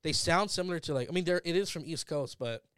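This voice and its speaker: A man in a casual chat, relaxed and hesitant, often trailing off softly. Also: fairly high pitch, quick pace, clear, resonant tone, no echo, clean studio sound.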